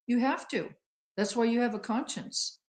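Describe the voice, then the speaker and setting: A woman's voice: fairly high pitch, moderate pace. A woman co-hosting a talk show, earnest and explanatory, who calls people honey. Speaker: co-host. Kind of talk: casual talk show commentary.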